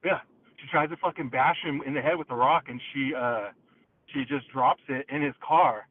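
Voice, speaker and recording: A man calling in from his car, telling a story in an excitable, profane way over the phone. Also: mid-range voice, moderate pace. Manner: profane, excitable, acts out quotes. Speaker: caller. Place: in a car, driving. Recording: tinny phone line.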